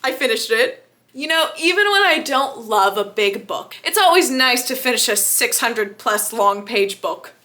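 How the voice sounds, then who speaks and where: Bright-voiced chatty woman recapping a book. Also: on the high side, a little slow. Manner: chatty and self-deprecating, laughs often. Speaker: book reviewer. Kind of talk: casual book recap vlog.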